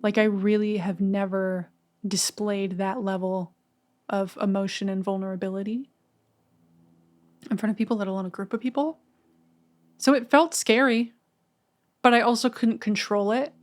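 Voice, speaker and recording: A woman's voice: mid-range voice, fairly even intonation, normal speed, long pauses. A woman in a casual podcast conversation, talking candidly and emotionally, with casual swearing.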